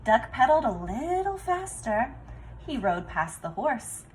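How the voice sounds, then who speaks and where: A woman reading a picture book aloud to children, expressive and talking to them directly. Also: on the high side, measured pace, a little hiss or hum, poor audio. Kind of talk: children's story read-aloud.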